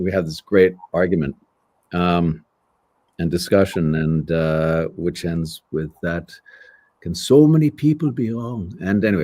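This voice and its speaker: A man's voice: deep voice, dry recording. A man in his sixties, a voice actor, telling stories in a casual interview and acting out the voices of people in them. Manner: animated storyteller who acts out voices. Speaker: voice actor guest.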